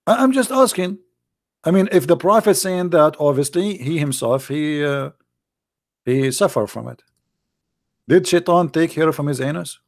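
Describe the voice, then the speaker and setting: A man's voice: fairly high pitch, animated, moderate pace, long pauses, dry recording, clean studio sound. A man hosting a livestream who mocks and taunts his viewers in a sarcastic way, often laughing and reading their chat comments aloud. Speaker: livestream host.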